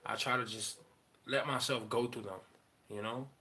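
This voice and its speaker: A man in a candid personal monologue, rambling and profane, halting often with fillers as he talks about his feelings. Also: mid-range voice, steady tone, pushed and bright. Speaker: father sharing personal story.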